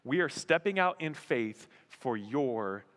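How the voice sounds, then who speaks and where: Animated male pastor in a reverberant hall. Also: mid-range voice, slow pace. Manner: animated, acts out voices and exclamations. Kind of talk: sermon.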